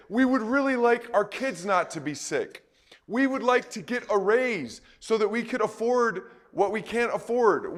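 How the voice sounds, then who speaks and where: Higher-voiced man preaching conversationally. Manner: conversational teaching, asks the audience questions. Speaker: pastor. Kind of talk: sermon. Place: church hall.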